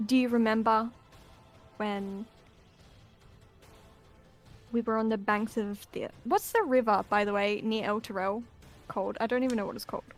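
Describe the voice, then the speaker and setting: A woman's voice: a little high, steady tone, unhurried, long pauses, soft background music. A woman playing in a tabletop game, chatting in a rambling, self-correcting way with frequent laughs. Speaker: player.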